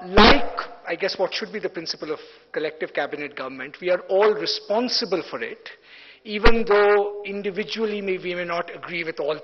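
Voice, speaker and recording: An Indian man moderates a panel in a large hotel hall, polite and full of hesitations. His voice sits somewhat high. The recording is dull and heavy with long reverb. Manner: hesitant, many fillers, polite.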